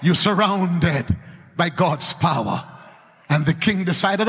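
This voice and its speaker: A male preacher delivering a fervent sermon to a congregation, chanting and shouting at the peaks. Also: high-pitched, animated, slow, creaky. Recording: hall reverb.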